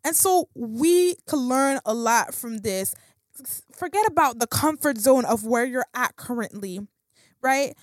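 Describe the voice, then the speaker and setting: A woman's voice: a little high, animated, measured pace, no room sound, studio quality. A woman giving a casual, conversational Bible talk, slangy and full of fillers and restarts. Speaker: Bible teacher.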